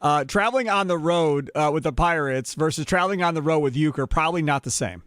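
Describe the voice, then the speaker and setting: A man's voice: a little high, fast, fairly bright tone, no room sound. A male sports radio host interviewing a guest in a conversational way. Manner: conversational, leading questions.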